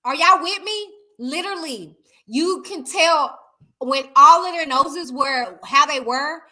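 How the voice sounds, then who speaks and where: A woman's voice: high-pitched, takes it slowly. A woman hosting a casual live stream, chatting and reading out viewer comments, talking straight to her viewers. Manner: chatty, animated, addresses viewers directly as y'all.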